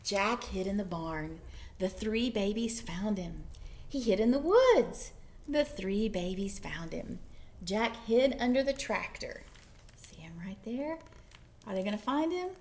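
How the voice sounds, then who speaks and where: A woman librarian reading picture books aloud for story time, playful and animated with whispered asides. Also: mid-range voice, measured pace. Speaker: children's librarian.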